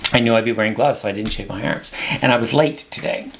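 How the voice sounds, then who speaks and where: A man's voice: on the low side, fast talker, creaky, a little hiss or hum. A man co-hosting a podcast, telling rambling stories in casual chat. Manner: chatty storyteller, rambling. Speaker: podcast co-host.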